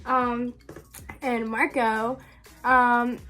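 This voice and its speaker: A woman's voice: a little high, little pitch movement, very slow, pushed and bright, faint music behind. A young woman telling a story to her viewers in a casual, chatty way, with lots of "like" and "um". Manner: chatty, full of "like" and "um", laughs often.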